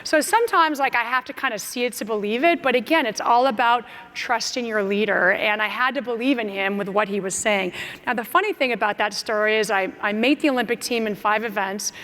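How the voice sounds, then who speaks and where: A woman's voice: a little high, a little fast. American woman telling stories in an echoing hall. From United States. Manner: lively storyteller who acts out her own and others' lines. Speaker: keynote speaker. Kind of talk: motivational storytelling speech. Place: large conference hall. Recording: long reverb in a large hall.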